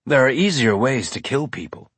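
A man voicing a hardened male ex-cop who speaks slowly and bluntly. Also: medium pitch, very animated, a bit bright, husky, no room sound. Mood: gruff.

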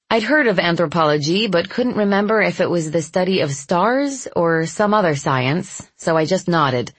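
A woman giving steady first-person narration of a novel in an even storytelling manner. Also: fairly low pitch, moderate pace, hardly any pauses, dry recording. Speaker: audiobook narrator.

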